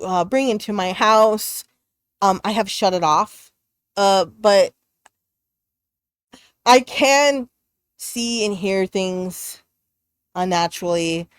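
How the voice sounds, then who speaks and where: A woman co-hosts a podcast and tells a creepy personal story in a loose, chatty way. She gets animated and excitable, with plenty of fillers and restarts. Her voice sits at a middle pitch, and the close mic leaves the sound dry and dead. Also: smooth, no room sound. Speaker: podcast co-host. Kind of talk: casual storytelling chat.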